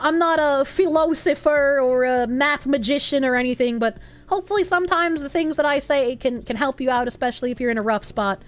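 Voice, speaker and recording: A young woman streamer chatting casually and reading out donations, animated and swearing freely. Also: sits high.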